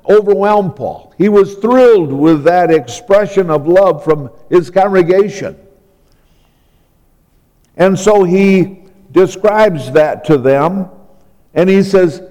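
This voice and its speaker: Slow, deliberate man preaching in a hall. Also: a little high, a little mellow. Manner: slow and deliberate, spelling out words. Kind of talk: sermon.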